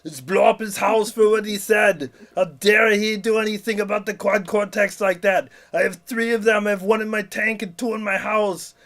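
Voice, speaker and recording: A man's voice: high-pitched, fairly even intonation, moderate pace, few pauses, fairly bright tone, pitched above the performer's own voice. A man voicing a bombastic action hero who owns a tank. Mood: blustering.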